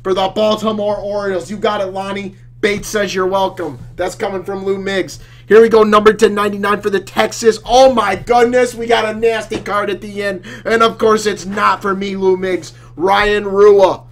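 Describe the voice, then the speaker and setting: A man putting on the voice of a brash, excitable card-collecting loudmouth who shouts and trash-talks while opening packs. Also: sits high, moderate pace, few pauses. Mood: boisterous. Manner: loud, trash-talking, exclaiming. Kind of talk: card-break commentary in character.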